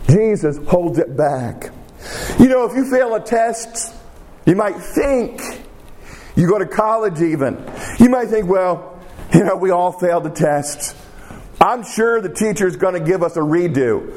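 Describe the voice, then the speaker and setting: A male preacher delivers a sermon in a slightly raised voice at an unhurried, deliberate pace. He repeats his key phrases for weight and sinks into a hushed tone when he prays aloud. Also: sits high, expressive, slight background noise. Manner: emphatic, repeats phrases for weight, slows to a hush on prayers.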